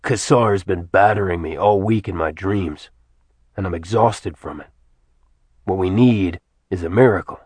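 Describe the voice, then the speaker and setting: A man voicing a tired, blunt former god in a low, plain voice. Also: measured pace, a little mellow, husky, no room sound. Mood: weary. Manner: dry, weary, blunt. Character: weary ancient male ex-god, gruff.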